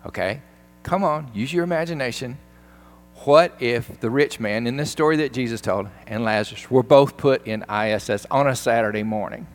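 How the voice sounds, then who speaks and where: Guy preaching, tells a story with lots of emphasis, mid pitch voice. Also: moderate pace, soft background music. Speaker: pastor. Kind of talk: sermon.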